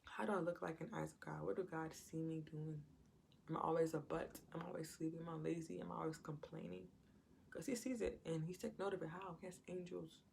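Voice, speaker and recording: Low, gravelly woman preaching casually. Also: steady tone, quick pace, a little mellow, a little hiss or hum. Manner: conversational, retells scripture with acted-out quotes. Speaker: Christian preacher. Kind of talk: informal Bible teaching.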